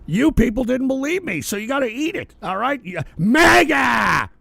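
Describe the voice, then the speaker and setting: A high-voiced male livestream host who rants with wild swings in pitch, swearing and shouting at his audience. His voice is gravelly, recorded close and dry. He breaks off the tirade to thank viewers for their donations. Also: sing-song, fairly quick, no room sound. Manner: profane, shouting, sarcastic rant; reads viewer donations aloud. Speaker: political talk show host. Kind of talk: livestream rant.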